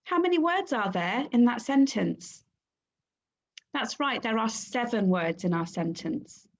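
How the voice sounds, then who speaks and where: A woman teaching a phonics lesson to young children, sounding out letters and syllables clearly and praising the class. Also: on the high side, animated, unhurried, highs cut off. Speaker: primary school teacher.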